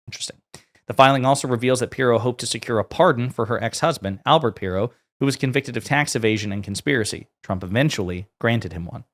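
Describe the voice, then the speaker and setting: A man's voice: mid-range voice, fast talker. A man hosting online political commentary, reading quotes aloud and adding blunt sarcastic asides.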